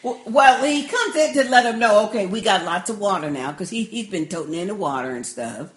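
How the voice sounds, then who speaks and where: A woman co-hosting a podcast in casual chat about a TV episode, quick to agree and chiming in with short replies. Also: mid-range voice, animated. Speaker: podcast co-host.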